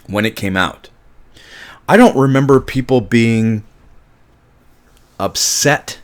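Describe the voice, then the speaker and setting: A man giving a casual film review monologue, emphatic and passionate, swearing often and restarting his sentences. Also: lowish voice.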